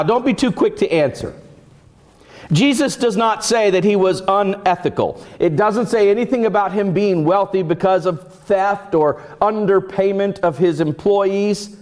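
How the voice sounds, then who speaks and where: A man's voice: high-pitched, a little mellow. A male pastor delivering a sermon, telling stories and putting on voices for the characters in them. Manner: storytelling with acted voices and dramatic pauses.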